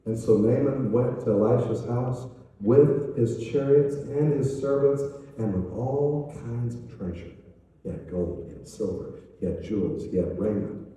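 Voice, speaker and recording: An older evangelist preaches a sermon, telling a story with animated energy and putting on its voices. His tone is very dark and mellow. He sounds far from the mic, with long reverb from a large church hall. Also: medium pitch, unhurried. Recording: echoey hall, voice from a distance.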